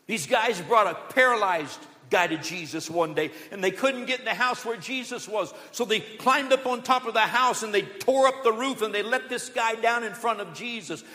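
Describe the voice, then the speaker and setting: A man preaching a sermon from a church sanctuary, telling stories with quoted voices and swinging between loud declarations and hushed asides. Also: high voice. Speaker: pastor. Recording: long church hall reverb.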